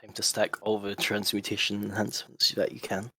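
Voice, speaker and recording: A man's voice: lowish voice, monotone, brisk, pushed and bright, husky. A man running a tabletop game as game master, keeping things moving with casual chat and dry, wry humor.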